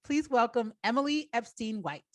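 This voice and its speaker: A woman hosting a comedy show, reading out the next comic's credits in a brisk, upbeat way. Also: a little high, animated, no echo, rough recording. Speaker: comedy competition host. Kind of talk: introducing comedians.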